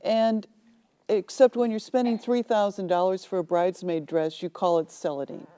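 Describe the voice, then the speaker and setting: A woman author telling lively anecdotes in a TV studio interview, acting out the people in them. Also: mid-range voice, normal speed, clear, resonant tone. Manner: animated storyteller, acts out quoted voices. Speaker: author guest.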